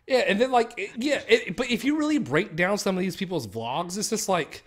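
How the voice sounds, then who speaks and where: A young man with a high, animated, slightly bright voice talks a little fast. Co-hosting a stream, he rants profanely in casual chat and mocks others using exaggerated voices.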